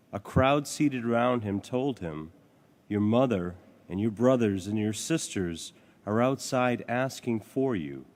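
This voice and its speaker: A man proclaiming a gospel reading at Mass in a measured, formal way. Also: medium pitch, a little mellow. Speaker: gospel reader. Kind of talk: liturgical reading. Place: church.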